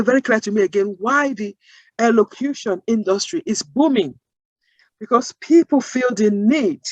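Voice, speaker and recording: A woman speaking as an interview guest, earnest and emphatic, building her points with rhetorical questions in measured phrases. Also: medium pitch, no echo, low-quality recording. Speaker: guest, accent-bias advocate. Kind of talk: interview answers.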